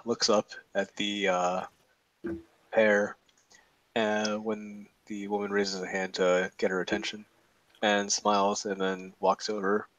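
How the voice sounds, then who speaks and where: A man's voice: on the low side, dry recording, low-quality recording. A man playing a tabletop role-playing game, narrating his character's actions casually with many fillers. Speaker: tabletop player.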